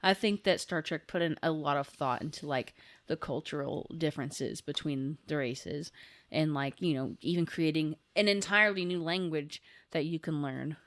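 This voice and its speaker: Low-voiced rambling woman co-host. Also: moderate pace. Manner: rambling, full of "like" fillers, enthusiastic. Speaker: podcast co-host. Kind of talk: casual chat.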